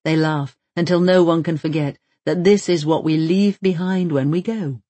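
An audiobook narrator reading a novel with an expressive storytelling delivery. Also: medium pitch, moderate pace, no echo. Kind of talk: scripted narration.

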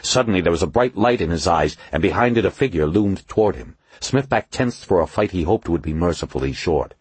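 A man narrates a suspense novel as an audiobook, reading from the script at a fairly quick pace with no echo. His storytelling voice is low, husky, and lively.

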